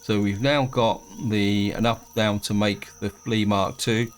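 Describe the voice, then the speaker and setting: A man's voice: on the low side, a little slow, soft background music. A man casually commenting on his own gameplay, thinking aloud as he plays. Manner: relaxed, thinking aloud while playing. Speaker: gaming video host.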